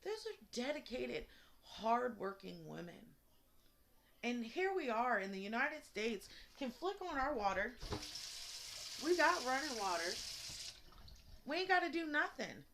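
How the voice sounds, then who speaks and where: Young woman, angry profane vlog rant, bright forceful voice, fairly high. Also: big pitch swings, a little slow, a little hiss or hum. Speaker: mother venting on video. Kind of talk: emotional unedited vlog rant.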